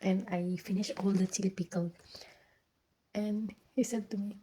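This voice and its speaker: Filipina woman telling a story, mellow voice. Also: mid-range voice, steady tone, a little hiss or hum, low-quality recording. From Philippines. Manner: halting, many restarts and fillers, drifts into whispers. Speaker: vlogger. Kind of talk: casual storytelling vlog.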